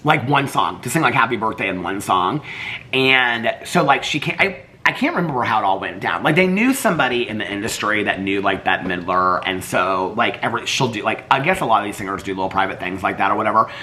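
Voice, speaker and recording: A man's voice: on the low side, animated, fairly quick, bright, forceful tone, slight background noise. An older man vlogging in casual chat, rambling and laughing, a little congested from allergies. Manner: chatty, rambling, often breaks into singing and laughter.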